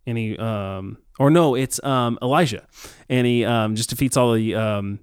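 A man co-hosting a casual faith discussion, talking reflectively with many pauses and ums. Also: mid-range voice, clear, resonant tone, no room sound, clean studio sound.

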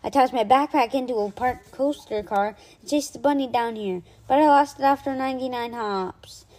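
A woman reading aloud gives voice to an excitable young girl from a children's storybook who rambles on in a chatty way. The voice rides fairly high and bright. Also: normal speed, natural voice.

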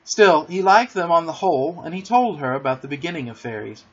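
A man narrating a children's storybook in an animated, theatrical reading, recorded dull and lo-fi. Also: fairly high pitch, a little fast, husky. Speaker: audiobook narrator.

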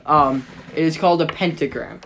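A game master narrating a tabletop game in a rambling way, with many pauses and restarts. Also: medium pitch, noisy background.

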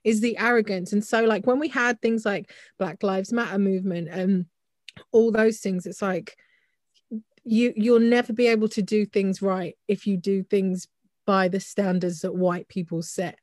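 A woman's voice: medium pitch, fairly even intonation, normal speed, darkish tone, no echo, clean studio sound. A woman co-hosting a casual podcast chat, heated and full of restarts and "like". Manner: heated, talks in restarts with frequent "like". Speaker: podcast co-host.

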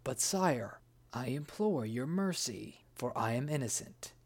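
A reader playing an innocent physician facing execution in a storybook. He implores the king slowly, with lively rises and falls in pitch. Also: slightly rough. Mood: pleading. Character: innocent male physician pleading for his life.

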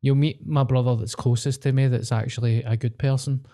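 A man's voice: mid-range voice, fairly even intonation, brisk, dark tone. A young man talking bluntly and mockingly in casual, sweary podcast chat.

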